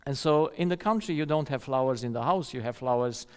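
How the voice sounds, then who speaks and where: A man's voice: medium pitch, a little fast, clear, resonant tone. A middle-aged man preaching a sermon, telling a personal story and sometimes acting out the voices of the people in it. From rural countryside. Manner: storytelling, acts out quoted voices, laughs often. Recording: long hall reverb.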